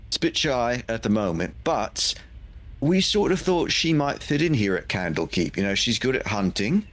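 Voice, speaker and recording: Polite, hesitant low-voiced man. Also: a bit bright. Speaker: player. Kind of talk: tabletop role-play.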